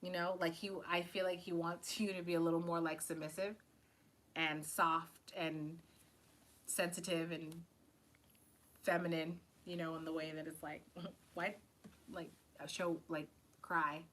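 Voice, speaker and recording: A woman's voice: lowish voice, little pitch movement, a little slow, a bit bright, a little hiss or hum. A woman tarot reader hosting a live stream, talking loosely and casually with lots of fillers, swearing and laughing often.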